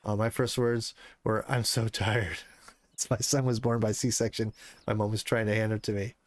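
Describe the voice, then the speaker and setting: Here a man in his thirties streams a hunting game, chatting with his viewers and swearing in frustration. He speaks in a lowish, flat voice at normal speed.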